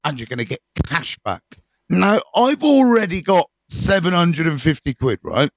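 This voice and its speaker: A middle-aged man, telling his story to camera in a candid, animated way, swearing freely and full of fillers. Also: a little high, normal speed, no echo.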